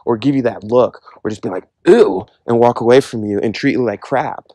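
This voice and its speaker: A man's voice: mid-range voice, fairly quick, warm tone, no room sound. A man giving an earnest, conversational personal testimony about faith, often using casual fillers. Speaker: Christian speaker giving a testimony.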